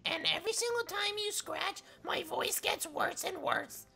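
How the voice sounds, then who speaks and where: A woman voicing a whiny, raspy talking neck. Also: very high-pitched, unhurried, sharp tone, faint music behind, pitched above the performer's own voice, heavily acted. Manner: whiny complaining. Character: the sore, grumbling back of a neck, unloved.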